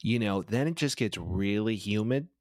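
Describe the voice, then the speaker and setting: A man's voice: lowish voice, moderate pace, darkish tone, no echo, studio quality. A man co-hosting a sports podcast in a crude, rambling, joking way. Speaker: podcast co-host. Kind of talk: casual sports podcast chat.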